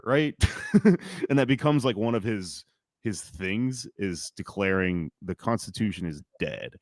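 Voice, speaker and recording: A man hosting a podcast, telling a history story in a loose, profane, animated way and acting out shouted lines. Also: low-pitched, no room sound, studio quality. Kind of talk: casual storytelling chat.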